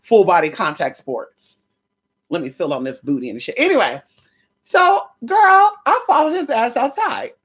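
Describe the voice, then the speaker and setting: A woman's voice: fairly high pitch, moderate pace, slightly rough. A woman vlogging casually, telling a story in a sassy, gossipy way and swearing freely as she talks to her viewers. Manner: dramatic, expressive delivery.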